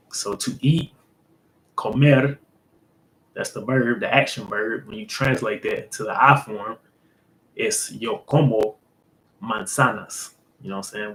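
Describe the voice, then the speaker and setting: Slow, low-voiced man explaining casually. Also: a bit bright, low-quality recording. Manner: loose, filler-heavy explaining, says "boom". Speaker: host. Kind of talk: casual language lesson.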